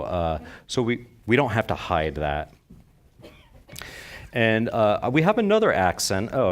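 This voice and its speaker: A man giving a live floral design demonstration to an audience, chatty and enthusiastic, often asking them questions. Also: low-pitched. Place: convention stage before an audience.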